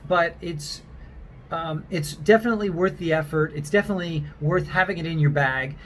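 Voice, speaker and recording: A man talks through a lesson for actors in a fairly high voice. He rambles a little and fills gaps with ums as he restarts his sentences. A faint hiss sits under his voice. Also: poor audio. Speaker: accent coach for actors. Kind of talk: casual spoken video lesson.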